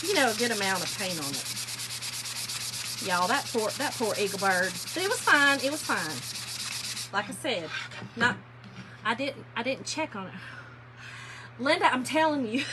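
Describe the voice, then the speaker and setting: A woman hosting a casual livestream, telling stories and laughing while painting furniture. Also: on the high side. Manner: chatty, laughing storyteller, addresses viewers as y'all. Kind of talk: casual livestream chat to viewers. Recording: workshop noise, sanding and rubbing.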